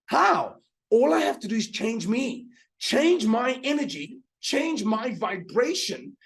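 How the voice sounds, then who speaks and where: A man's voice: extremely high pitch, sing-song, slow, gravelly, husky. A man leading a live online motivational seminar as a mind power teacher. He talks with energy, repeats his key lines for emphasis and keeps asking the audience to answer in the chat.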